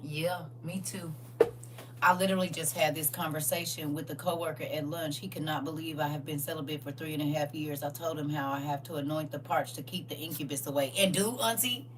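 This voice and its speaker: A woman hosting a casual livestream, reading viewer comments aloud and preaching in a lively way with frequent laughs. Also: sits low, fairly quick, distant mic, slight background noise. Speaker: livestream host.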